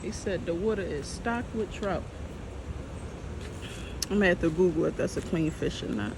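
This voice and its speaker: A man's voice: high-pitched, moderate pace, background noise. A man casually vlogging outdoors while hiking a park trail, rambling and repeating himself, a little out of breath on the hills. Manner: relaxed, rambling, repeats "like" often. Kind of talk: casual walking vlog.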